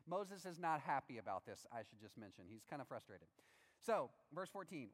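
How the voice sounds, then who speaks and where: Guy preaching a sermon, animated, does little voices for the bible characters, big hall echo. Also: mid-range voice, a little fast. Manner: animated, acts out voices of biblical figures.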